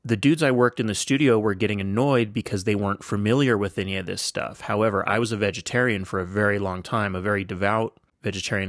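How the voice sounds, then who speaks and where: An older American man with a gravelly, lowish voice tells a story on his podcast. He talks in a chatty, enthusiastic way, full of likes and you-knows. The sound is close and dry, with no room echo. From United States. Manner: enthusiastic, chatty, lots of fillers. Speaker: podcast host. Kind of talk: casual storytelling.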